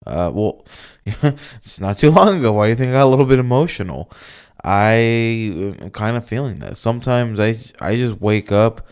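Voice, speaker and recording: A man's voice: on the low side, lively intonation, moderate pace, darkish tone, smooth. A man hosting his own show alone, rambling and searching for words, a little emotional with a slightly off voice. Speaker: podcast host. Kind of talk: casual solo monologue.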